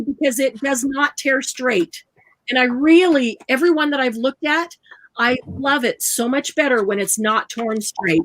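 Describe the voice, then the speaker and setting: A woman's voice: high-pitched, fairly bright tone, dry recording, low-quality recording. A woman hosting a live craft tutorial, chatting and explaining each step aloud while she works. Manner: chatty, laughs often, explains steps aloud.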